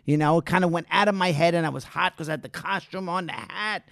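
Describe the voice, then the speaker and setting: Middle-aged male guest, animated raconteur, raspy fry, dead-dry mic. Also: a little high, quick pace, no room sound. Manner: animated storyteller, acts out quotes, swears, laughs. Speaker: guest actor. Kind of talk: casual chat.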